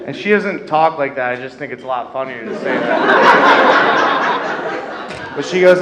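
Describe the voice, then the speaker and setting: A young man in his twenties doing a self-deprecating stand-up set on a comedy club stage, getting loud at the punchlines. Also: a little high, lively intonation, moderate pace, pauses often, noisy background. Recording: roomy club with audience laughter.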